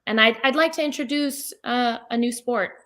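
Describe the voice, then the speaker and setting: A woman's voice: on the high side, moderate pace, a bit bright. A woman answering as a game show contestant, laid-back and joking with casual slang.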